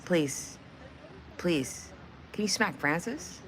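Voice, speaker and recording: A woman's voice: lowish voice, animated, slow, a little hiss or hum. A woman hosting a live stream in casual chat, blunt and profane, bantering with her viewers and laughing often. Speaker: livestream host.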